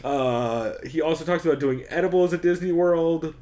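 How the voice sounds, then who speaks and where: Recapping shows on the podcast he co-hosts, this man chats casually in a mellow, rather high voice at normal speed, cursing heavily, cracking jokes and laughing frequently.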